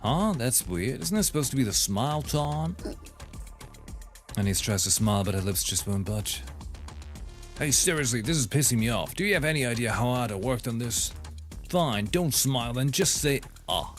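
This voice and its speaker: A man's voice: medium pitch, expressive, moderate pace, soft background music, lightly acted. A man voicing a bossy organizer who grows impatient and snaps at a performer. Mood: annoyed.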